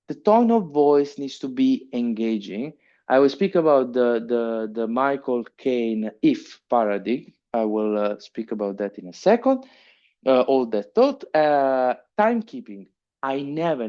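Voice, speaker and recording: A middle-aged man with an Italian accent giving a keynote lecture, halting with frequent fillers and restarts. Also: medium pitch, dark tone, dull audio. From Italy. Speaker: keynote speaker. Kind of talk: conference lecture. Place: conference hall.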